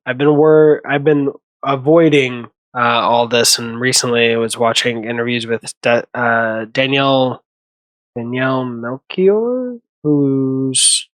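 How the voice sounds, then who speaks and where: A man's voice: medium pitch, a bit bright, no room sound. A man hosting a casual movie commentary, rambling, correcting himself and laughing often.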